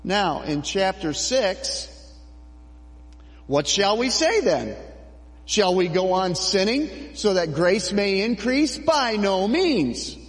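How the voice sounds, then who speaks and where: A middle-aged man preaching a sermon as pastor, slow and emphatic with dramatic pauses. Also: high voice, expressive, long reverb tail.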